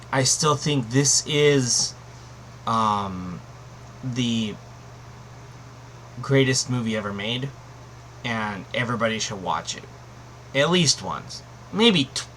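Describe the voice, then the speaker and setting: A man's voice: mid-range voice, sharp tone, slight background noise. A man giving a casual spoken film review, rambling and emphatic, with many fillers and restarts. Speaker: anime reviewer.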